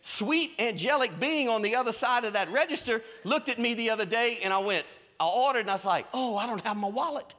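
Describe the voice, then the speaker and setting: A man preaching a sermon in a lively storytelling way, with folksy Southern phrasing. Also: extremely high pitch, brisk. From American South. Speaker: pastor. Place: church stage.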